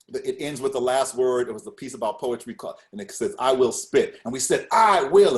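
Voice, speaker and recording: Animated storytelling man. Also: mid-range voice. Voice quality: animated storyteller, acts out quotes. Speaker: guest speaker. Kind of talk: casual interview storytelling.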